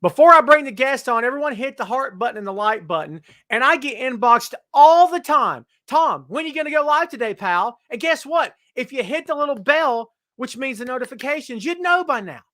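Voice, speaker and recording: A man's voice: extremely high pitch, animated, fairly quick, hardly any pauses, sharp tone, no room sound, clean studio sound. A man hosting a live wrestling talk stream, chatting casually and teasing while he greets viewers by name.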